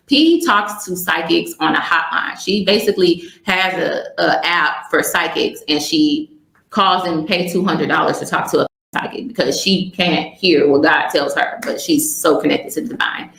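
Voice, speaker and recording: A young woman with a lowish voice speaks as an interview guest, telling a personal story in a candid, rambling way. Her voice rings in a roomy, echoey space. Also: moderate pace, vocal fry, fairly bright tone.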